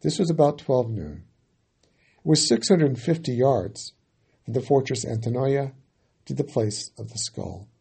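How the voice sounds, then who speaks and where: A man preaching in a husky, dark voice, with a dramatic delivery. He rises sharply for quoted shouts and drops low and soft as each line ends. His voice is warm and low, with a rough, breathy edge. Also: lively intonation, unhurried. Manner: dramatic, loud on quoted cries and falls quiet at line ends. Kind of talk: dramatic sermon retelling of scripture.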